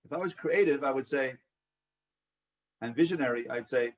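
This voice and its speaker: A man's voice: mid-range voice, normal speed, long pauses, far from the mic. A man leading a support group, who coaches, asks the group questions and acts out sample replies. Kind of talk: teaching a live online group session.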